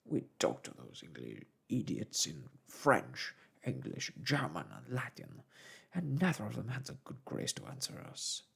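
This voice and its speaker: A man voicing a gruff, angry Canadian harpooner in a soft whispered role-play. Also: lowish voice, wildly swooping pitch, measured pace, heavily acted. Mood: furious. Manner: raging, blunt.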